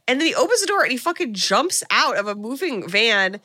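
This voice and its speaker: A woman co-hosting a podcast, casually recapping a movie plot and swearing freely as she acts out quick lines. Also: on the high side, sing-song, sharp tone, dry recording, clean studio sound. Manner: retells scenes with quick quoted voices, swearing. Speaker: podcast co-host.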